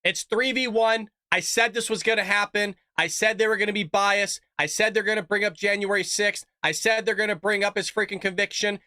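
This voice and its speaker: A man hosting a live political reaction show, ranting heatedly and swearing as he shouts his frustration. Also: high-pitched, dry recording, studio quality. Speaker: political commentary host.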